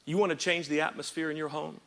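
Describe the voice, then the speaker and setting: A man pastor preaching a sermon in church, swinging from quiet reading up to shouted, rhythmic repeated phrases and calling out to the congregation. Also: on the high side, fairly even intonation, quick pace, gravelly. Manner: calls out to the congregation.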